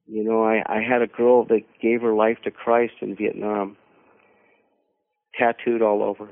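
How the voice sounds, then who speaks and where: A man telling a personal story as a guest on a radio conversation, halting and repeating words as he searches for them. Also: lowish voice, flat delivery, vocal fry. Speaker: mission team leader, radio guest. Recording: narrow phone-like radio audio.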